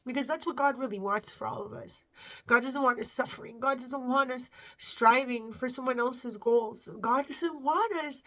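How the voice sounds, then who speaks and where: A woman in her thirties, a vlogger, gives an earnest, rambling faith testimony to camera, full of fillers and tearing up as she talks. Her voice is fairly high and fairly bright in tone.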